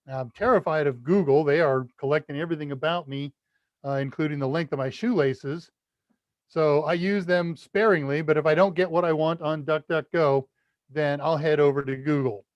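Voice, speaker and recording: A man's voice: fairly high pitch, fairly even intonation, normal speed, dry recording, lo-fi sound. A man from the United States hosting a casual live Q&A stream, chatty and self-deprecating, reading out viewer comments and laughing at his own jokes. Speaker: livestream Q&A host.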